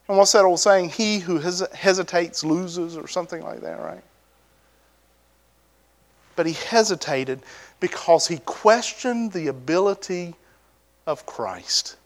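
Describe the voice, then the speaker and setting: A man preaching a sermon in a conversational way, often asking rhetorical questions and swinging between high emphatic bursts and low, soft asides.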